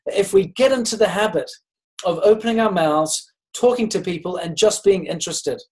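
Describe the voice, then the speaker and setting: A man giving a motivational training talk on network marketing, speaking at an unhurried pace with pauses and restarts, and acting out the dialogue in his stories. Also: high-pitched, a little mellow, rough recording.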